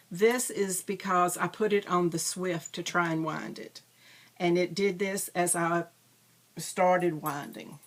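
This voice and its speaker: A woman hosting a crafting videocast, chatting casually and rambling with frequent ums and self-deprecating asides. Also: lowish voice. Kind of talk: casual show-and-tell chat.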